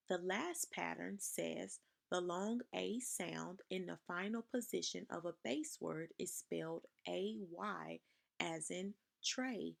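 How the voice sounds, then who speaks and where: A woman teaching spelling in a slow, deliberate voice with a strong gravelly fry running through it. She pronounces each word with care and leaves room for her class to repeat after her. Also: lowish voice. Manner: slow, careful, over-enunciated dictation. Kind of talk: spelling lesson for children.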